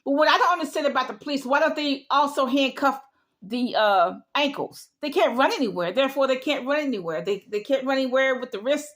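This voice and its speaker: Woman, high-pitched voice, repetitive, emphatic, lecturing opinion monologue. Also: expressive, brisk, a bit bright. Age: middle-aged. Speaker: vlogger.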